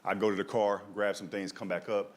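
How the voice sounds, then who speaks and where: Here a stand-up comedian speaks fairly quickly in a lowish voice with little pitch movement, chatting a story to a live audience. He keeps tacking on "right?" and "dog," and the crowd can be heard.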